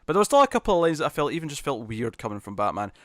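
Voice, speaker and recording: A man's voice: medium pitch, big pitch swings, rapid-fire. A man talking casually on a comics podcast, chatty and easy with frequent restarts. His voice sits in a middle register. The recording is dry and close, with no room echo. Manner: chatty, laughs easily, many restarts. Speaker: podcast co-host.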